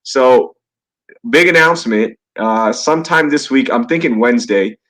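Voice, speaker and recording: Jokey podcast host on a headset. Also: male voice, mid-range voice, a bit bright. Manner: upbeat, jokey, quick to laugh. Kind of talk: casual live podcast chat. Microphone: cheap gaming headset.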